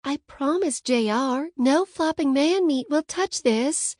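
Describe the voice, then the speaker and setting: A playful young bride-to-be teases her friend in a raised, sing-song audiobook voice, as a woman narrator puts her on. She is bubbly and pushy, the pitch lifting and dipping a lot. The sound is close and dead dry. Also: animated, takes it slowly, darkish tone, dry recording. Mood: teasing. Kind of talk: audiobook character voice.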